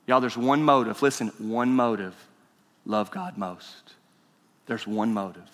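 A male pastor preaching a sermon, emphatic and swinging between loud and hushed. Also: mid-range voice, measured pace. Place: church sanctuary. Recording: reverberant church hall.

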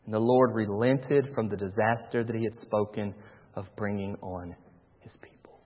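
A man, a pastor preaching a sermon, swinging between loud and hushed. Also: fairly low pitch, fairly even intonation, moderate pace, breathy edge. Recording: dull recording with long church reverb.

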